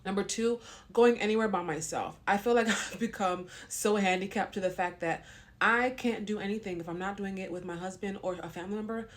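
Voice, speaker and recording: A woman's voice: medium pitch, a little fast, a little hiss or hum. A pregnant young woman talking to camera in a casual vlog, frank and long-winded. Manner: blunt and frank. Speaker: vlogger.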